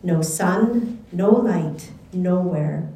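Woman Bible teacher, unhurried and earnest, mellow tone, echoey room. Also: on the low side, a little hiss or hum. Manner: slow, earnest, reflective, with questions to the listener. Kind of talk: devotional Bible reading and commentary.

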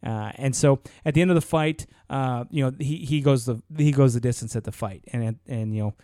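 Male podcast co-host, rambling and keen, mellow tone, dry close sound. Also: medium pitch, a little fast, dry recording. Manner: rambling, many fillers and restarts, enthusiastic. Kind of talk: casual chat.

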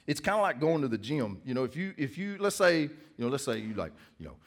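A man's voice: mid-range voice, big pitch swings, fast, creaky. A male pastor preaching a sermon in church, in a conversational, joking storytelling manner.

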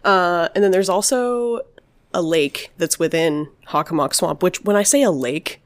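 A woman's voice: lowish voice, measured pace. A woman hosting a casual podcast, telling paranormal stories in a rambling way, full of "like" and "obviously". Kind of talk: casual storytelling chat.

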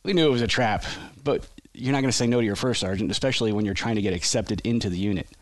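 Relaxed rambling man telling stories. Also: fairly low pitch, quick pace, no room sound. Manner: rambling, self-interrupting storyteller who laughs often. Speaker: podcast guest, army veteran. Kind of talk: casual storytelling.

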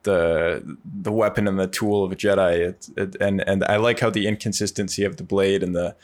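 A man's voice: sits low, steady tone, normal speed. A man co-hosting a casual book discussion, hesitant and repeating words as he thinks aloud. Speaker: podcast co-host.

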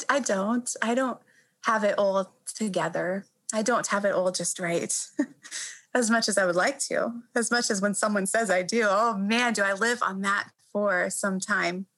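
A woman doctor in her thirties answering an interview question reflectively, earnest and halting, often repeating words as she gathers her thoughts. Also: medium pitch, a bit bright, low-quality recording.

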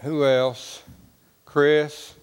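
Brief: homespun male preacher, high for a man, in a church with long reverb. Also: flat delivery, drawn-out words, clear, resonant tone. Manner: homespun and colloquial, talks to the congregation. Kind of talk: folksy storytelling sermon.

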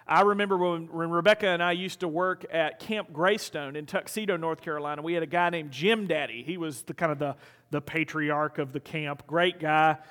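Man preaching, high voice, casual storyteller, long hall reverb. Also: moderate pace, fairly bright tone. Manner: conversational storytelling. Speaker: pastor. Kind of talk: sermon.

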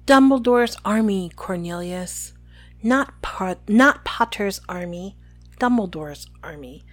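A woman reading aloud and voicing a calm, gently amused old male headmaster. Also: medium pitch, slow pace.

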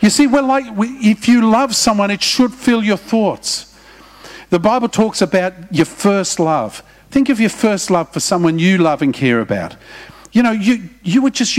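A middle-aged man preaching, his voice pitched high for a man. He talks to the congregation in a relaxed, conversational way and slips in humorous asides. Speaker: pastor. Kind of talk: sermon.

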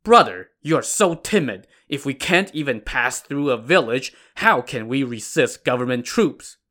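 A man's voice: medium pitch, animated, normal speed, pushed and bright. A man voicing a brash, blustering male bandit chief with a hot temper, in a narrated story podcast.

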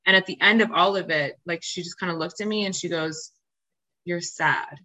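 A woman's voice: lowish voice, steady tone, quick pace, bright, forceful tone, rough recording. A woman who is a podcast guest, telling her personal story openly and earnestly, with many fillers and restarts. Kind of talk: candid personal storytelling in interview.

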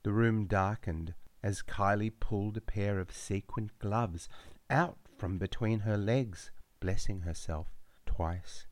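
Male narrator, deadpan storyteller, low voice, close dry sound. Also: slow, dry recording. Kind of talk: scripted narration.

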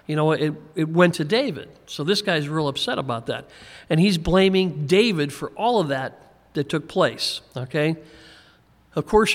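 Chuckling preacher in a reverberant hall. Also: male voice, on the high side, a bit bright. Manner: conversational, chuckles often, repeats words when restarting. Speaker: pastor. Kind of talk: verse-by-verse Bible teaching.

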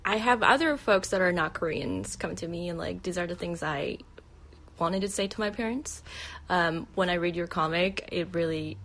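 A woman's voice: lowish voice, moderate pace, a bit bright, a little hiss or hum. A woman who immigrated to the United States, a comic artist talking casually as an interview guest, hesitant, with many fillers and restarts.

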